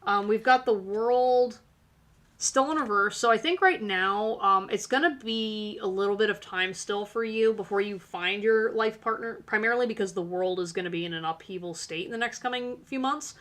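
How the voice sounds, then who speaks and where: A woman's voice: medium pitch, moderate pace, fairly bright tone. A woman hosting a live-stream tarot reading, talking casually and encouragingly with lots of fillers. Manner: chatty, filler-heavy, encouraging.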